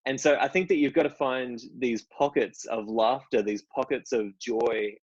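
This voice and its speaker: A man's voice: medium pitch, steady tone, normal speed, slightly rough, no room sound, lo-fi sound. A man hosting an online meetup, talking casually and rambling with many restarts. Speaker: host of a stoicism meetup. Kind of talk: casual talk to a group. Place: indoor room at home.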